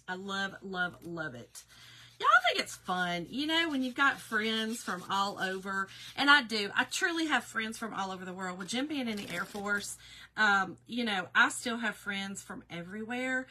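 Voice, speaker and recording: Chatty Southern woman with a bright voice. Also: medium pitch, slight background noise. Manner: chatty, folksy, talks to viewers as y'all. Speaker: craft business owner hosting a live video. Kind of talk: casual live chat while crafting.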